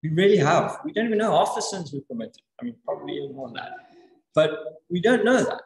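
A man preaching a sermon in an earnest, animated way, repeating words for emphasis. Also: a little high, quick pace. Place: church. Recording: echoey church hall.

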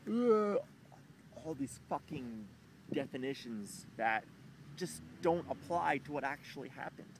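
A man's voice: mid-range voice, lively intonation, unhurried, a little hiss or hum. A young man venting to camera in an emotional personal rant, agitated and swearing, rambling with frequent restarts, recorded outdoors.

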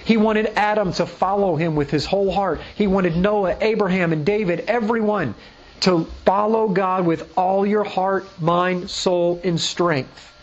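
In an emphatic sermon, a high-voiced male pastor speaks unhurriedly with fairly even intonation. He teaches by reading scripture aloud and repeatedly checking in with listeners through rhetorical questions. The sound is somewhat dull and lo-fi.

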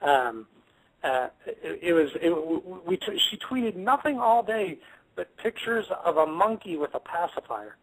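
Husky high-voiced man rambling jokes. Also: animated, unhurried, a bit bright, low-quality recording. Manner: joking, rambling with stammered restarts. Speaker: guest. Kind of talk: casual comedic chat.

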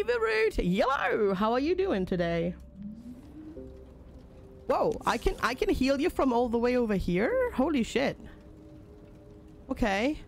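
A woman's voice: fairly high pitch, vocal fry. A woman casually commenting on a game during a live stream, reading on-screen tutorial text aloud and chatting with and thanking viewers.

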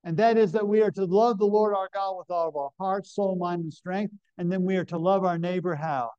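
A pastor delivers a sermon at a camp meeting, reading scripture aloud emphatically in a fairly high voice and repeatedly posing questions to the congregation. His voice is steady, brisk, dark, clear and resonant. The lo-fi recording sounds dry and dull, with no room sound.

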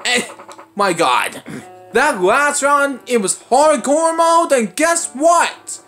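Young guy doing game commentary, voice swings all over, slowish talk, gets super panicky and shouty. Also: faint music behind. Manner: excitable, bursts into panicked high shouts. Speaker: gaming channel host. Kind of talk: let's play commentary.

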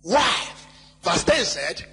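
A male pastor preaching a sermon, reading scripture slowly and shouting key phrases, at times mimicking wailing worshippers in a sing-song cry. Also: high-pitched, big pitch swings, gravelly, husky. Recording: live hall with long reverb and faint music.

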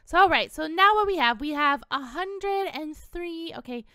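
A woman's voice: sits high, expressive, normal speed, bright, forceful tone, no echo, studio quality. A woman hosting a gaming video, giving chatty, playful let's-play commentary at a desktop mic and giggling often.

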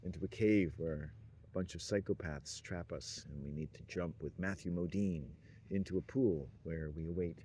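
A man with a very low voice drifts through a meandering monologue, chuckling to himself and letting sentences trail off. A faint hiss of noise sits under the recording. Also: normal speed, dark tone. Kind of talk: rambling stream-of-consciousness monologue.

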